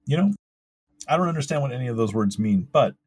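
A man with a baritone voice co-hosting a podcast, making dry, joking remarks in casual chat. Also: expressive, fast, darkish tone, breathy edge. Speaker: podcast co-host.

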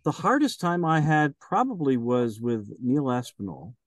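A man's voice: medium pitch, very animated, a little slow, no echo. A man in a mid-range voice talks in a rambling, hesitant way and fills his sentences with ums and uhs. He is a casual interview guest who narrates audiobooks. The recording is dry and close, with no room sound. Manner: rambling, hesitant, many fillers.

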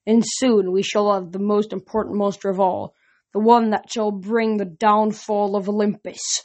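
A woman's voice: mid-range voice, level tone, a little mellow, natural voice. A woman voicing a sinister male monster posing as a teacher, cold and mocking. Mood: menacing. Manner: cold, mocking, slow menace.

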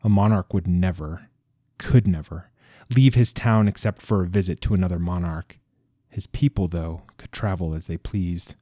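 A male narrator reads a fantasy tale with measured, dramatic pacing. His voice is low and mellow, captured on a close, dry studio mic. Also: dry recording. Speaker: audiobook narrator.

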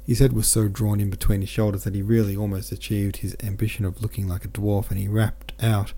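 This is a male podcast host narrating a classic novel like an audiobook. The voice is low and mellow, the reading brisk and steady with few pauses, and he corrects himself in small ways now and then.

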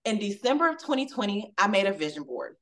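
A woman's voice: mid-range voice, quick pace. Woman telling an emotional faith story. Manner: acts out quoted dialogue with lively shifts; emotional, testimonial tone. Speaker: podcast guest. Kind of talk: animated personal storytelling.

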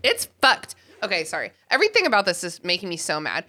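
A woman's voice: lowish voice, huge pitch swings, quick pace, bright, forceful tone. A woman hosting a casual podcast, talking animatedly and with exasperation, laughing often. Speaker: podcast host.

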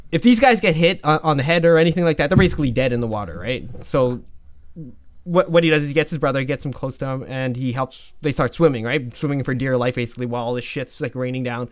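A man's voice: mid-range voice, quick pace. A man telling a story in a casual, rambling way, full of fillers and restarts, and swearing freely.

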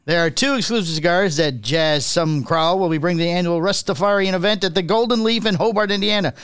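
A man co-hosting a casual podcast, reading news items aloud and stumbling over names, with a relaxed chatty delivery. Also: high-pitched, fast, clear, resonant tone, no room sound, studio quality.

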